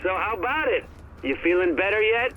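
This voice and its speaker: A man's voice: high-pitched, animated, fairly quick, sharp tone, a little hiss or hum, low-quality recording. An actor playing an ordinary man in game phone recordings, talking earnestly and conversationally. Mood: playful.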